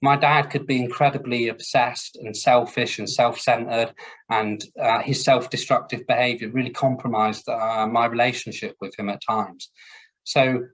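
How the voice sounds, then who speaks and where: A man with a husky, slightly breathy voice talks over a video call in a webinar. His speech is measured and reflective, with pauses on "uh" and "um" as he chooses his words. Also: mid-range voice, steady tone, a bit bright, poor audio. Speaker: social worker, webinar guest.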